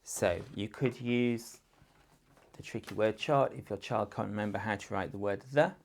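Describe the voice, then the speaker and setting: Low gravelly male teacher. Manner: slow, patient, demonstrates sentences and sounds in different voices. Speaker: primary school teacher. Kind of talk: instructional talk to parents.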